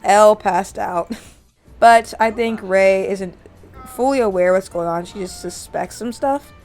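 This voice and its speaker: A woman narrates her gameplay casually, chatty and amused. Her voice sits at an ordinary middle pitch. Faint game music plays behind her. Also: a little slow, a little mellow. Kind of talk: casual let's-play narration.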